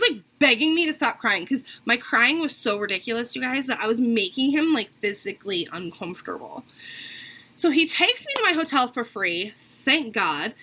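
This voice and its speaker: A young woman vlogger telling a storytime rant in a casual chatty way, full of "like" and acting out what others said. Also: on the high side. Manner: animated, acts out other people's lines; casual, lots of "like".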